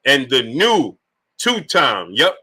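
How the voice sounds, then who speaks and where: A man's voice: mid-range voice, big pitch swings, slow pace, bright, forceful tone, slightly rough. A man hosting a boxing talk live stream, reading out super chats and firing repeated rhetorical questions at the chat. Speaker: boxing talk show host.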